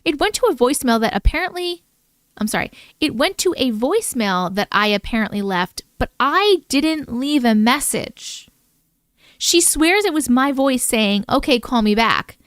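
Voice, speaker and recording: A woman chats and reads viewers' stories aloud on a livestream, playful and quick to joke. Her voice is high and smooth and swings around a lot in pitch. The sound is dry and close. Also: lively intonation, fairly bright tone, dry recording. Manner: playful, chatty, breaks off to joke and laugh. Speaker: host reading viewer stories. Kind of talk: casual livestream chat and story reading.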